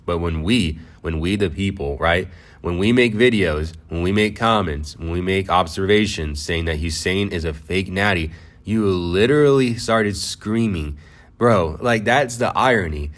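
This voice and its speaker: Low voiced youtuber dude rambling casually, lots of likes and rights. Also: male voice, expressive, a little slow. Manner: casual, filler-heavy, keeps asking "right?". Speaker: faceless YouTuber host. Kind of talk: casual commentary vlog.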